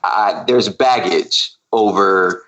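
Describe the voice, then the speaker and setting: A man chatting on a podcast, his voice bright and forceful. He tells the story with energy, acting out his own exasperated inner voice. The talk is loose and conversational. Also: low-pitched, slow, lo-fi sound. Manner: animated storyteller, acts out his own frustrated thoughts. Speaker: guest co-host. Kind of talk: casual podcast chat.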